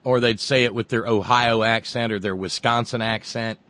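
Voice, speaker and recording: A man's voice: medium pitch, steady tone, moderate pace, sharp tone. A man with a Southern American accent delivering a profane, sarcastic political rant as a commentator. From Southern United States. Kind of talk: monologue rant.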